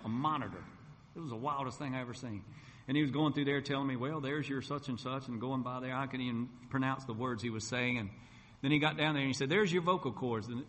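A man's voice: mid-range voice, fairly bright tone. A middle-aged man, a gospel singer and preacher, telling his personal testimony in a folksy storytelling way. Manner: folksy storytelling, acts out quoted voices. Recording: long hall reverb.

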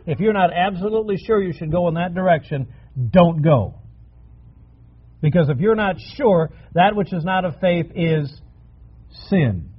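A man's voice: sits high, slightly rough, lo-fi sound. A male preacher giving a sermon, emphatic and repeating key phrases for stress.

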